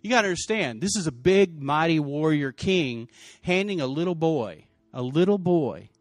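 A male pastor preaching a sermon, telling the story in lively, casual slang and acting out the people's lines. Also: on the high side, moderate pace, dry recording, soft background music.

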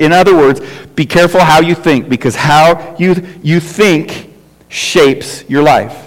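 Middle-aged male pastor, high-pitched, conversational sermon, repetitive and questioning, echoing sanctuary. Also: moderate pace. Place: church sanctuary. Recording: reverberant church hall.

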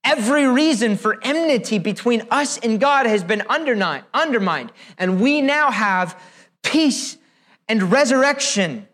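A man with a strikingly high voice delivers a sermon. He speaks with emphatic, deliberate weight and builds his points through rhetorical questions. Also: lively intonation, fairly bright tone. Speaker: preacher.

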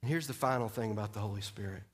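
A man's voice: fairly low pitch, very fast, slightly rough. A man preaching a sermon as pastor, telling a personal story with emphasis and speaking straight to the congregation.

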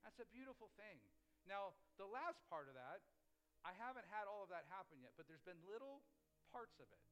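A pastor delivering a sermon in a slightly high voice, with quiet music underneath. He tells his stories loosely and conversationally, often restarting his sentences mid-thought. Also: very animated, fairly quick, smooth, low-quality recording. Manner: conversational storytelling with frequent restarts.

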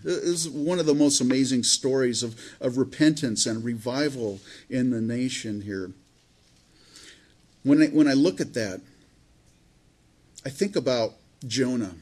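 A man with a husky, slightly breathy voice preaching a sermon. He talks like he's chatting with the congregation, circling back and restarting his sentences. His pitch sits in an ordinary middle range. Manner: conversational, rambling with restarts and fillers. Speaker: pastor.

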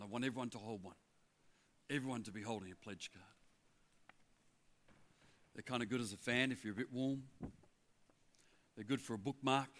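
Older aussie guy preaching in church, chatty storyteller, lots of little asides. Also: medium pitch. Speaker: guest preacher, former pastor of the church. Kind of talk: sermon with personal storytelling. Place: church hall before a congregation.

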